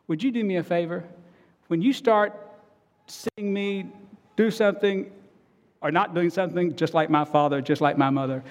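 Middle-aged pastor guy preaching, kinda high voice, earnest storytelling, big echoey church hall. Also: fairly quick. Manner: earnest, storytelling, swings between loud and soft. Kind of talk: sermon.

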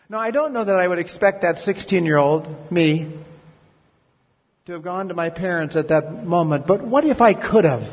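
A middle-aged male pastor preaching a sermon, reflective and confessional, asking the listeners questions. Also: sits high. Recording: dull lo-fi sound with long hall reverb.

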